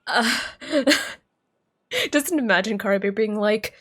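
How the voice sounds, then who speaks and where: A woman's voice: on the high side, slow pace, pauses often, a bit bright. A woman streamer chatting casually while reacting to a game, talking in a chatty, giggly, apologetic way.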